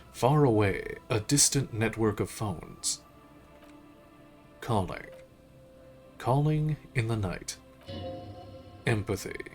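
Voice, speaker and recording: A man streaming a game, reading its narration aloud in a measured, unhurried way with occasional slips. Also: on the low side.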